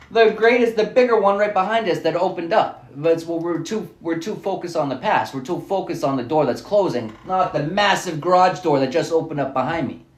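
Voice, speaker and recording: Rambling spiritual man, echoey room. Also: a little high. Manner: rambling, repetitive, musing. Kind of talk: spiritual monologue.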